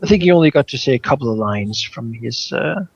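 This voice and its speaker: A man's voice: mid-range voice, expressive, a little fast, creaky, muffled recording, slight background noise. A man acting as game master, reading prepared scenes to his players with frequent restarts. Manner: storytelling with many restarts and "uh".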